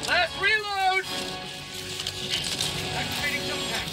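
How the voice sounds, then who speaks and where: A high clipped soldier in a game. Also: female voice, expressive, takes it slowly, full character voice. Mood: barking orders. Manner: clipped military callouts. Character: female soldier barking battle callouts. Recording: distant game audio under loud music. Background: loud game music.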